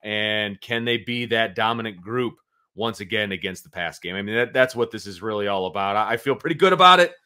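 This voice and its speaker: A man co-hosting a sports podcast, talking in a relaxed, agreeable way. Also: fairly low pitch, a little fast, smooth. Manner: relaxed, agreeable, short affirmations. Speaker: podcast co-host. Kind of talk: sports analysis chat.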